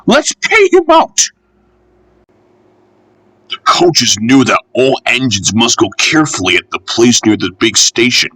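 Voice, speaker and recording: A man reading a children's railway storybook aloud in an expressive, measured way. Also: mid-range voice, husky, no room sound.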